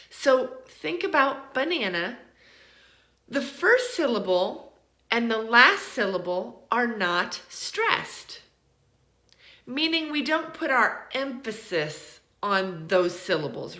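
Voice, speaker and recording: An American woman gives an English pronunciation lesson in a lively, bouncing voice that rises and falls a lot. She talks slowly and deliberately, stretching out example words, and her voice has a bright edge. The room around her sounds echoey. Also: on the high side. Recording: roomy echo.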